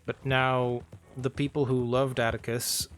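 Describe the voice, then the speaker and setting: A man streaming a role-play game, casually recapping events for his viewers in an unhurried way with frequent ums. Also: medium pitch, level tone.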